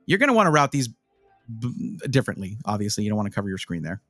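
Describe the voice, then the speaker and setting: A man's voice: fairly low pitch, fast, dry recording, soft background music. A man chatting casually on a live stream, reviewing gaming PC parts and rambling as he answers his chat. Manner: animated, rambling, talks to chat.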